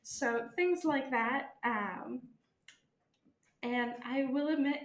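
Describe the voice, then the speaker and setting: A woman's voice: sits high, slow pace, roomy sound. A woman with a Boston accent, speaking in a casual interview in a thoughtful way and correcting herself as she goes. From Boston area, Massachusetts.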